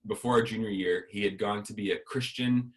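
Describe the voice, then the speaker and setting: A man's voice: on the low side, fairly even intonation, brisk, a bit bright. A man giving a sermon as a guest speaker, telling a personal story and acting out the dialogue.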